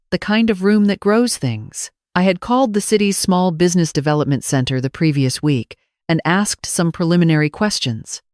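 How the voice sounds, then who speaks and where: Low-voiced older woman telling a story. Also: no room sound, studio quality. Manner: measured, calm and reflective. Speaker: narrator. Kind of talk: first-person story narration.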